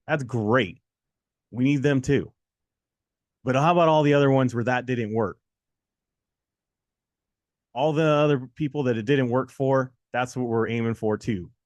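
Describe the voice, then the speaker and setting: A man co-hosting a test-prep show in casual motivational talk, telling stories with animated quotes and repeating lines for emphasis. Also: medium pitch, a little slow, long pauses, no room sound.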